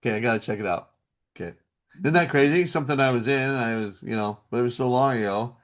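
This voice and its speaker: A man who works as a voice actor, a guest in a casual interview, telling animated stories and laughing often. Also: medium pitch, quick pace.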